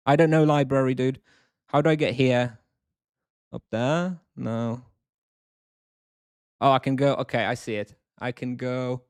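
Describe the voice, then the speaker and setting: A man in a casual live-stream, talking his way through a game and answering his chat. His voice sits at an ordinary middle pitch. The sound is dry and close, with no room around it. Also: no room sound. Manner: thinks aloud, chatty, answers chat.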